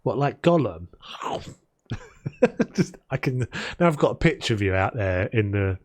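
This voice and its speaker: A man's voice: fairly low pitch, lively intonation, brisk. A man streaming a video game, chatting casually and rambling between topics as he builds. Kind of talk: casual chat while playing.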